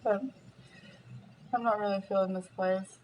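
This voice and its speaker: A young American woman talks casually while eating, her story full of fillers and asides. Her pitch is mid-range for a woman, and a faint background hiss sits under her voice. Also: steady tone, unhurried, highs cut off. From United States. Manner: chatty storytelling, many fillers, eating between lines. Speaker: vlogger.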